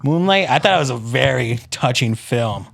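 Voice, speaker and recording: Young male co-host, relaxed and earnest, casual podcast chat. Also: mid-range voice, moderate pace, creaky, a little hiss or hum. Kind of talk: casual chat among friends.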